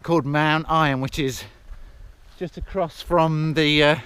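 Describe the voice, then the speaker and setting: A man's voice: a little high, steady tone, measured pace, fairly bright tone, smooth, no echo. Breathless English man vlogging on a hill. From England. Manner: chatty, self-mocking, laughs often. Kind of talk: casual outdoor vlog chat. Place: hillside outdoors. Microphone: handheld camera.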